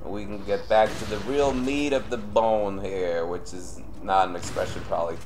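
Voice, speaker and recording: A young man streaming live gameplay and commenting as he plays. He swears often and swings between low grumbling and sudden yelling. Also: fairly even intonation, moderate pace, a little hiss or hum. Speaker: streamer playing a horror game.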